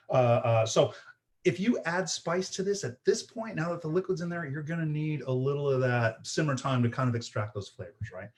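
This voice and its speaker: Guy doing a live cooking stream from his kitchen, talks you through it, keeps saying right? okay?, voice a bit on the high side. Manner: chatty, explains step by step, often asks "right?" and "okay?". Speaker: cooking show host. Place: home kitchen.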